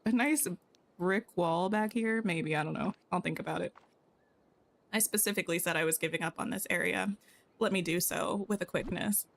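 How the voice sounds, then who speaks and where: A woman's voice: fairly low pitch, normal speed, gravelly, slight background noise. A woman chatting casually while livestreaming a game, thinking aloud and tossing in playful asides to her viewers. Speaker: game streamer.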